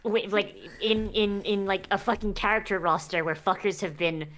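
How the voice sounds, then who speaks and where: A woman's voice: mid-range voice, moderate pace, a bit bright. A woman guest on a casual chat stream, rambling with lots of filler words and casual swearing.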